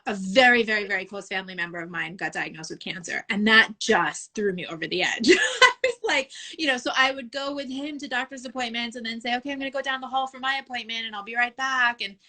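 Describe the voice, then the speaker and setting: A woman photographer speaks frankly as an interview guest, open and emotional, laughing often and quoting her own thoughts. Her voice is a little high, expressive, pushed and bright, and she talks fairly quickly.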